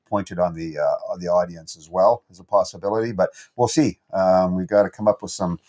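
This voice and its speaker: A man co-hosting a podcast, answering viewer questions by name in relaxed casual chat. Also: low-pitched, a little fast. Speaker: podcast co-host.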